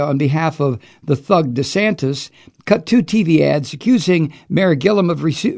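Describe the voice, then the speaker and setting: A man's voice: a little high, vocal fry, darkish tone. A man delivering an angry, profane and sarcastic political monologue. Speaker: political commentator.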